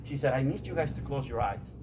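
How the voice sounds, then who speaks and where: A motivational speaker gives a repetitive talk to a group, addressing them as "you guys" and often stammering as he restarts his sentences. His medium-pitched voice has lively intonation and a quick pace, against a noisy background.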